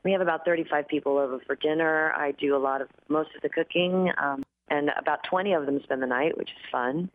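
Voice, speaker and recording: A woman's voice: low voice, fast, few pauses, no echo. Groggy woman on a tinny phone line. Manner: chatty, laughs often, many fillers. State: groggy, dry voice from a red-eye flight. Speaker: singer and guest. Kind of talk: casual interview chat.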